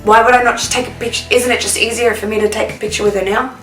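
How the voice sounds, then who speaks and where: A young woman retelling a relaxed young man's words in her own voice, in a roomy recording with faint music. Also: fairly high pitch, fast, natural voice. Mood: easygoing. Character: relaxed friendly young man, a celebrity. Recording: roomy sound, distant mic, faint music.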